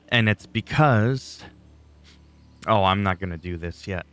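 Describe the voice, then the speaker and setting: Male gamer, lowish voice, laid-back rambling commentary with dry sarcasm. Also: measured pace, pauses often, a bit bright, clear, resonant tone, soft background music. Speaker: gameplay commentator. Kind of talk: casual gameplay commentary.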